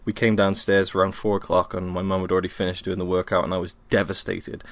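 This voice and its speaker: A man's voice: sits low, flat delivery, quick pace, a bit bright, no room sound. A young man from Wales, hosting a casual solo podcast at home, rambling and self-deprecating with many ums, tired after a workout. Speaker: podcast host.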